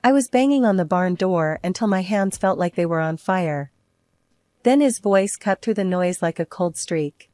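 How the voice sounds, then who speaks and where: A woman's voice: mid-range voice, expressive, a little slow, a little mellow, no room sound. A woman narrating a dramatic first-person story in a tense telling.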